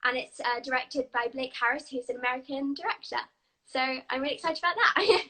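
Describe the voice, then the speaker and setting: A woman's voice: sits high, fairly quick, pushed and bright, low-quality recording. A young woman, an actress, answering interview questions in an eager, upbeat way. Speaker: actress guest.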